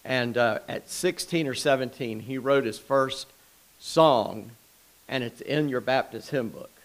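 A man's voice: medium pitch, measured pace, rough recording. A man preaching an informal sermon in a small church, folksy and conversational, with asides and restarts. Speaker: pastor.

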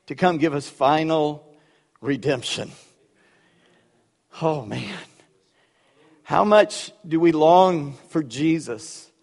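A male pastor preaching a sermon in a church, animated and conversational, with humorous asides. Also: mid-range voice, in a large hall.

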